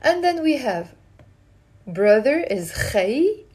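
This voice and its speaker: A woman teaching Arabic live from her phone, lively and coaxing, repeating words for learners to drill. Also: high-pitched, takes it slowly. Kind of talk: live-streamed language lesson.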